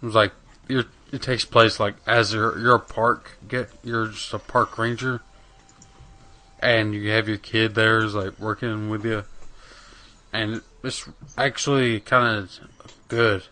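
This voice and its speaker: A man's voice: lowish voice, little pitch movement, measured pace, sharp tone. A man casually chatting on a gaming podcast, rambling with lots of fillers and swearing. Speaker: podcast co-host.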